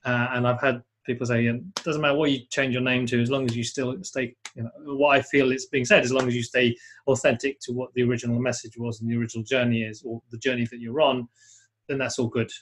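In a live webinar he co-hosts, a man talks through his ideas in an animated, informal way, restarting often and reading viewers' comments. His pitch is medium, he talks quickly, and there's a little background noise.

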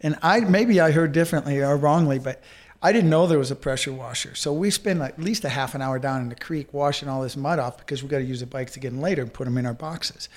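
A man's voice: on the high side, fast talker, few pauses. Chatty man telling race stories. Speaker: adventure racer, guest. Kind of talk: casual storytelling chat.

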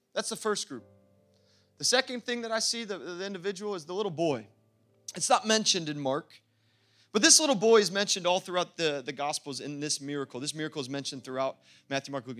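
Bright, high-voiced preaching man. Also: fairly quick. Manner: playful, laughing, building to fervent. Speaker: pastor. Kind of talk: sermon.

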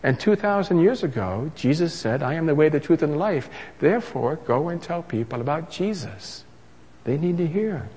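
Male preacher, lively delivery, slightly husky voice, long hall reverb. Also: on the high side, moderate pace. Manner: animated, rising to emphatic crescendos. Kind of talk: sermon.

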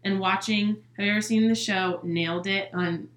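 A woman's voice: medium pitch, fairly even intonation, normal speed, a bit bright. A young woman co-hosting a casual podcast, rambling answers full of "like". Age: young adult. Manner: rambling, heavy on "like". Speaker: podcast co-host. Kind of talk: casual chat. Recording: echoey room.

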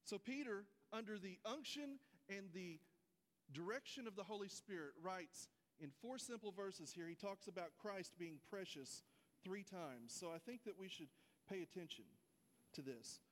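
A man's voice: high voice, expressive, normal speed, long reverb tail. A man preaching a folksy sermon, speaking straight to his congregation. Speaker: pastor. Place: church sanctuary.

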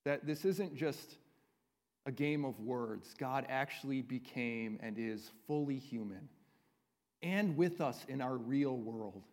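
Guy pastor giving a sermon, mid pitch, talks like he's chatting with folks, long echo in a big room. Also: slow pace, a little mellow. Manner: earnest, conversational preaching with frequent tag questions. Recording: long reverb of a large hall.

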